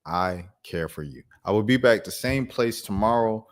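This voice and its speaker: A man with a low voice hosts a casual live commentary stream. His delivery is animated and mocking, with pitch that leaps up and down. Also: normal speed. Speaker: commentary channel host.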